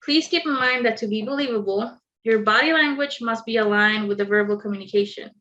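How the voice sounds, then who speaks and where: A woman's voice: on the high side, fairly quick, sharp tone, dull audio. Woman presenting a skills workshop online. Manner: clear instructive delivery with light asides.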